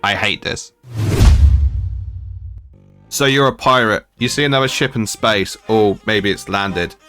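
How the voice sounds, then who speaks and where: Uk guy ranting about a game, lowish punchy voice, fed up and mocking. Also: a little slow, bright, forceful tone, faint music behind. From United Kingdom. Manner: exasperated, mocking complaints. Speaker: gaming video creator.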